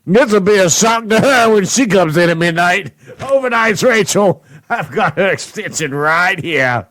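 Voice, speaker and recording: A man's voice: high voice, a bit bright, dry recording, rough recording. A man hosting a radio show, doing a rowdy prank-call bit and laughing a lot as he mocks a coworker. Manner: mocking, laughs often. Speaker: radio host. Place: radio studio.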